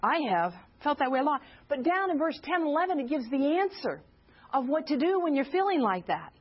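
High-voiced earnest woman at church. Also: very animated, fairly quick, lo-fi sound. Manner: earnest, asks the audience direct questions. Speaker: speaker at a church gathering. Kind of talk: informal teaching talk.

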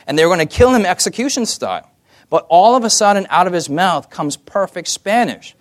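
High-voiced animated male preacher. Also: moderate pace. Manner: animated, asks the audience questions. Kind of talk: sermon.

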